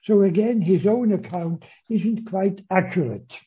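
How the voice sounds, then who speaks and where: Guy giving a literature lecture, super breathy raspy voice, lots of uhs and restarts. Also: high-pitched, measured pace, warm tone, highs cut off. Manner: hesitant, many uh fillers and restarts. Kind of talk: lecture with read-aloud passages.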